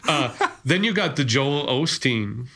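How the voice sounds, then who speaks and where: A man's voice: medium pitch, sing-song, unhurried, pushed and bright, husky. A man from the upper Midwest, a pastor co-hosting a podcast, chatting casually with frequent laughs and restarts. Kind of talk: casual chat.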